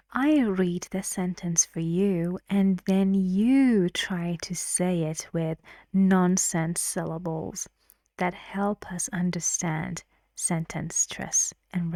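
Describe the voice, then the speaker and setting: In an online English lesson, a woman patiently drills pronunciation, chanting stress patterns syllable by syllable and often slipping into a whisper. Her voice is fairly low and mellow. The recording is clean studio audio with no echo.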